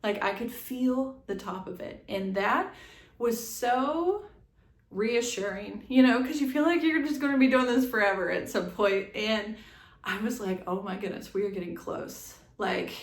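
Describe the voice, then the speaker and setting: A young adult woman telling her own birth story in a chatty, animated way, with many quick asides and laughs. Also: on the high side. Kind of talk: casual storytelling to camera. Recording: echoey room.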